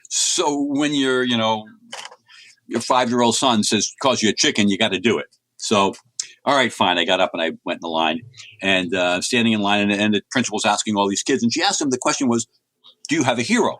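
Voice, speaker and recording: Here a middle-aged American comics writer, interviewed as a guest, spins casual, chatty anecdotes that wander and restart often. His pitch sits fairly low, his tone is a bit bright, and he talks a little fast.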